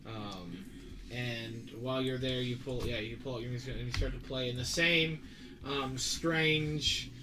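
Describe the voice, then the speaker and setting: A man narrating as game master for a tabletop game, relaxed and chatty, laughing easily. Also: medium pitch, unhurried, background noise.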